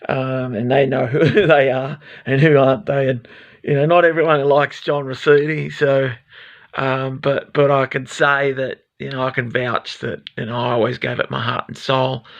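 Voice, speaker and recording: A man's voice: medium pitch, highs cut off. A man with an Australian accent rambling frankly and swearing freely in a self-recorded vlog. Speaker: vlogger.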